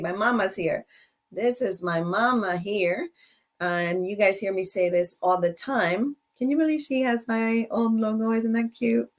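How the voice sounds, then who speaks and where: A middle-aged woman hosting a live show, chatting with viewers and telling stories, switching between English and Spanish as she laughs along. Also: on the high side. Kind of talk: casual bilingual live-stream chat.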